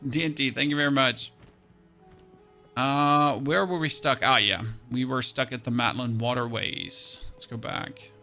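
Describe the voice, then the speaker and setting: A man's voice: medium pitch, fairly even intonation, a little slow, sharp tone, faint music behind. A young man streaming a game, thinking aloud about his build and thanking viewers in a chatty way. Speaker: gaming streamer. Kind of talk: live-stream gameplay commentary.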